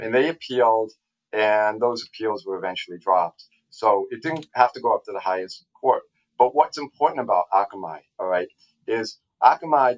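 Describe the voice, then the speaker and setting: Low-voiced man explaining tax law. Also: rough recording. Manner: halting, with frequent restarts and asides. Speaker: tax attorney guest. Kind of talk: casual explanatory podcast talk.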